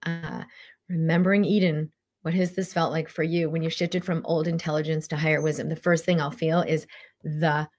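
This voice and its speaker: A woman's voice: deep voice, level tone, normal speed, darkish tone. A middle-aged woman, a spiritual coach, talking casually and animatedly, full of fillers and acted-out quotes. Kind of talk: casual motivational talk.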